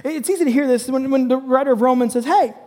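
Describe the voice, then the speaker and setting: A man's voice: extremely high pitch, fairly even intonation, quick pace. A man preaching a sermon, acting out scripture passages with rising intensity and emphatic repetition. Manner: dramatic scripture reading, rising to shouts. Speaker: pastor. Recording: long hall reverb.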